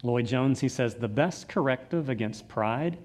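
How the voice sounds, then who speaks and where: Male pastor, mid-pitched voice, sermon with scripture readings and chatty asides. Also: lively intonation, normal speed, darkish tone. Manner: reads scripture aloud, conversational asides with fillers.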